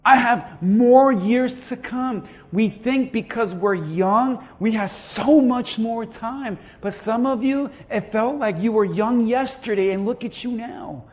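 A man in his thirties preaching a sermon as a pastor, swinging between hushed lines and loud peaks and acting out the people he quotes. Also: sits high, measured pace, few pauses. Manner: preaching with dramatic swings in loudness and acted-out quotes.

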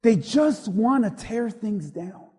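Pastor, male, very high voice, emphatic sermon delivery, long church-hall reverb. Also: expressive, takes it slowly, breathy edge. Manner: emphatic preaching, swinging from loud to hushed.

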